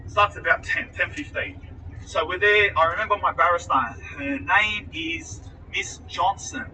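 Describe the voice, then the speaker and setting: Profane man, high and bright. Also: normal speed, distant mic, slight background noise, low-quality recording. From Australia. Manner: profane, animated, acts out the other people's lines. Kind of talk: casual storytelling.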